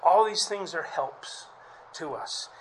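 A man's voice: fairly high pitch, expressive, slow pace, slight background noise, low-quality recording. A man preaching a sermon in a conversational way, often restarting phrases and asking the listeners questions. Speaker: pastor.

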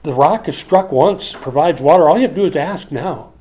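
An older man preaching a sermon as a pastor, dropping soft for asides and rising high when he pleads. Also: lively intonation, a little fast, low-quality recording.

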